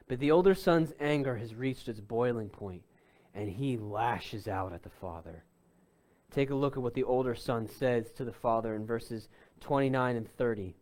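A man preaching an expository sermon, explaining a passage in a deliberate teaching tone with bursts of emphasis. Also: on the high side. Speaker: pastor.

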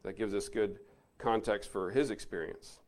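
A man giving an earnest Bible teaching, stressing key words and then dropping to a soft, reflective tone. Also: lowish voice, normal speed.

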